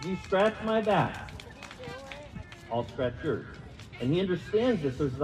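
This pastor's voice runs highish and darkish, with lively intonation, a moderate pace and frequent pauses, over faint music. His sermon is chatty and self-mocking, full of questions to the room and words for the congregation to repeat. The hall is reverberant and the audio dull and lo-fi.

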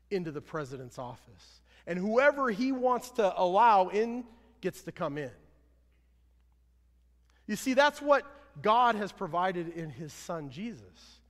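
A man preaching a sermon as pastor, earnest, swelling louder then dropping low at line ends. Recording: long hall reverb.

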